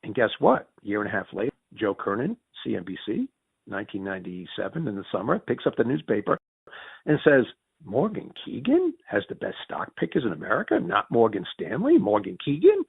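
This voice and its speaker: In a conversational interview, a guest with a Northern US Yankee accent shares business stories in a gravelly, slightly husky voice, talking a little fast. He animates each quoted exchange with large pitch leaps, frequently stumbling, restarting and repeating words. The recording sounds thin and phone-like, completely dry with no echo.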